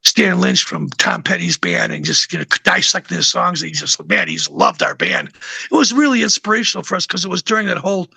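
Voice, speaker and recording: A man's voice: high voice, wildly swooping pitch, brisk, creaky, pushed and bright, husky, dry recording. An older man, a musician guest, telling a rambling anecdote in a casual interview with plenty of fillers.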